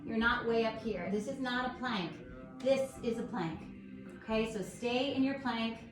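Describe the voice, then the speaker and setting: A woman guiding a yoga class at home, calm and encouraging as she talks listeners through each pose. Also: on the high side, unhurried. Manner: calm, encouraging, gently instructive. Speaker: yoga instructor. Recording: echoey room with faint music.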